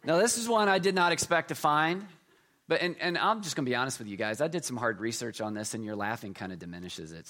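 A middle-aged man preaching a sermon, telling jokey stories and swinging between loud emphasis and quiet asides. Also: mid-range voice, fast talker. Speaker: pastor.

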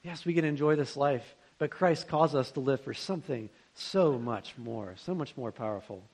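A man's voice: medium pitch, moderate pace, a little mellow. A young man preaching a sermon to students, in a conversational and earnest way, with rhetorical questions.

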